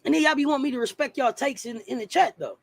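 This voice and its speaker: A man's voice: very high-pitched, quick pace, gravelly, no echo. A man in a heated sports talk rant, blunt and profane, firing off rhetorical questions. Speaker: sports commentator.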